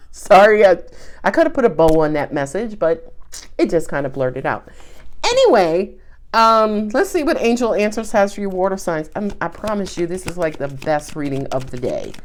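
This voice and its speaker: A woman reads tarot cards in an easy, conversational way. Her pitch swings widely as she talks, and she slips into bursts of laughter and playful emphasis. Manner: animated, chatty, laughs often. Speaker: tarot reader. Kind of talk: casual tarot reading.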